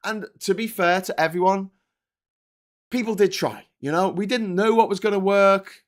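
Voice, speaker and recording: A man's voice: high voice, moderate pace. A man with a Liverpool accent hosting a live political stream, ranting angrily with heavy swearing and rhetorical questions. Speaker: political commentary host.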